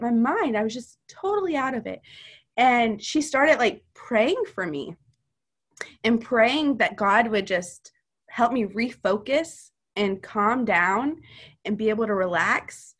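A woman's voice: fairly high pitch, fairly bright tone. Female podcast guest, personal testimony, earnest and chatty with filler words.

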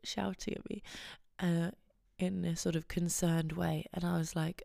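A woman's voice: lowish voice, level tone, measured pace, vocal fry, dark tone, no room sound, clean studio sound. A young adult woman hosting a podcast, chatting casually and telling rambling, giggly stories. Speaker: podcast host. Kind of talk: casual chat.

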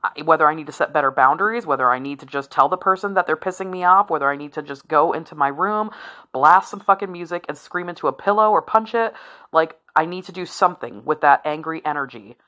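A woman in her forties with a low voice that still has a bright, forceful edge. She talks frankly and swears freely, rambling through asides with a laugh here and there. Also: fast talker, dull audio. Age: 40s. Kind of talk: candid solo talk.

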